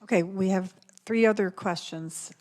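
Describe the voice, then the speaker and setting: A woman's voice: medium pitch, moderate pace, a little mellow. A woman chairing a legislative committee hearing, calling on members in brief, direct phrases.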